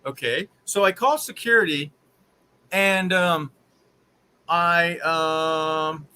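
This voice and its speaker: A man hosting a live stream, telling a long rambling story in an exasperated, animated way. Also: fairly high pitch, takes it slowly, smooth, rough recording. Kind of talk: casual storytelling to live viewers.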